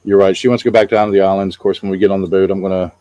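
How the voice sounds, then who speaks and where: A man's voice: low voice, level tone, very fast, dark tone, no echo. A middle-aged man co-hosting a casual chat, rambling about travel with many fillers. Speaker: co-host.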